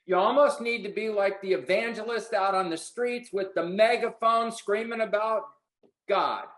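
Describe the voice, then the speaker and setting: Brief: male sales trainer, high-pitched, blunt and preachy, roomy echo. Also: fairly bright tone. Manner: preachy, blunt, swears casually. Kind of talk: motivational sales coaching.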